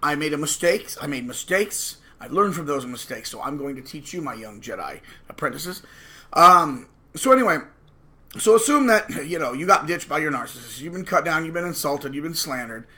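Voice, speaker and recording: A channel host talks to camera in a casual monologue, his voice fairly high, animated, brisk and bright. His tone is forceful, and he comes across as combative, preachy and emphatic.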